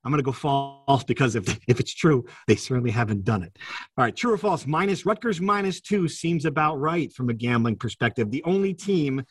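A man hosts a casual sports podcast, firing quick quiz questions at his co-hosts and laughing between them. His voice is husky and sits a little back from the mic. The room is dry. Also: medium pitch, expressive, no echo, distant mic. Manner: quizzing co-hosts, laughing often, restarts. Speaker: podcast host.

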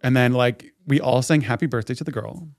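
With no echo around him, a man of medium pitch talks a little fast as a podcast co-host. He narrates a story in a loose, chatty way, dropping "like" constantly.

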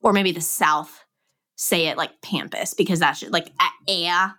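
A young woman co-hosting a casual podcast chat, sarcastic and quick to joke. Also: on the low side, steady tone, pushed and bright. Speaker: podcast co-host.

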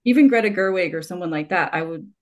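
A woman's voice: fairly low pitch, quick pace. A woman in her forties in casual conversation, talking in long rambling stretches with restarts and laughter. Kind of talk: conversational podcast talk.

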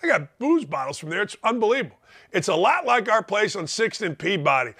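A man's voice: high voice, big pitch swings, brisk, bright, forceful tone, breathy edge. A middle-aged man from Indiana hosting a sports talk show, emphatic and rambling, repeating words for stress.

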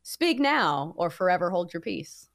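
A woman's voice: lowish voice, a little slow, gravelly, no room sound, clean studio sound. A woman co-hosting a sports betting podcast, teasing the others and running through the picks. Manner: lively, teasing, runs the recap. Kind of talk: casual sports betting talk.

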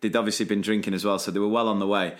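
A man co-hosting a podcast, recalling a night out in relaxed casual chat and passing the story to his co-host. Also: fairly low pitch, very fast. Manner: chatty, hands the story over to his co-host.

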